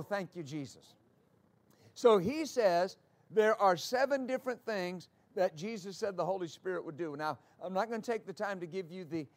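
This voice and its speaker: High-voiced man preaching a fervent sermon. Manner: builds from calm teaching to loud, fervent exclamations. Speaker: pastor.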